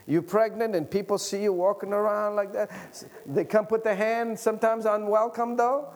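A man preaching a sermon, swinging from loud exhortation to quiet prayer and chatty stories with the congregation. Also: level tone, normal speed, few pauses. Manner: swings from loud, high exhortation to soft, low intimate prayer; conversational storytelling with congregation asides.

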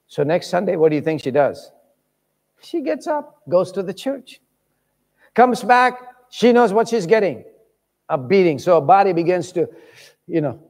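A man preaching a sermon, telling stories with lively voices for the people in them. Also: medium pitch. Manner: animated, acts out voices in stories. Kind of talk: sermon storytelling. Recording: long reverb of a large hall.

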